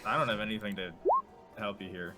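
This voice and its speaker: A man's voice: lowish voice, steady tone, brisk, loud music behind the voice. A man playing in a tabletop game, tossing in joking asides at the table. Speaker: player. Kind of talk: casual chat at a game table.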